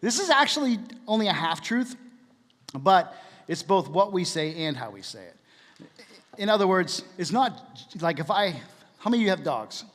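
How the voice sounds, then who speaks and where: A man's voice: high-pitched, very animated, moderate pace, fairly bright tone, long reverb tail. A man giving a casual, jokey church talk, asking the room questions as he goes.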